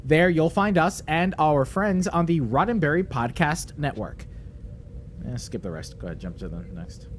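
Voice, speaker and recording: Brisk male podcast host. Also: a little high, expressive, slight background noise. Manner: brisk, loose, goes off script. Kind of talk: live podcast closing. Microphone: video call.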